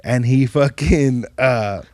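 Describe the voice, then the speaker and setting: A young man telling animated stories in casual podcast chat, full of profane slang. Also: takes it slowly, no echo, studio quality. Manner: animated, profane street slang, jumps pitch when quoting people. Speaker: podcast guest.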